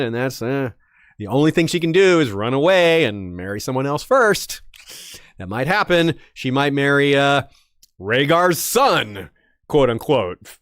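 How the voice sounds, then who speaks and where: A man's voice: mid-range voice, dry recording, studio quality. Chatty male lore podcast host. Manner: chatty, animated, self-correcting with fillers. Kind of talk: casual lore commentary.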